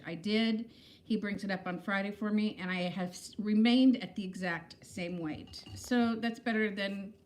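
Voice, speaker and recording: A woman in her fifties talks to her livestream viewers from home at a middle pitch. Her manner is candid, chatty and self-deprecating, and she greets viewers by name as she goes. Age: 50s. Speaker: livestream host. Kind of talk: casual live-stream chat.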